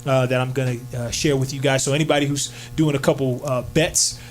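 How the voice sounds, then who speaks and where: A man's voice: mid-range voice, fairly even intonation, a little fast, faint music behind. A man hosting a casual sports radio show in a studio, upbeat and filler-heavy, hyping up his co-hosts. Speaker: sports talk show host.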